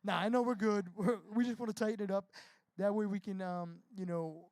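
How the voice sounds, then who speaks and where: A man's voice: sits high, steady tone, brisk, a little mellow, dry recording. A man, a band frontman, talking casually and profanely in an interview, rambling through stories. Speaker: touring band frontman, guest.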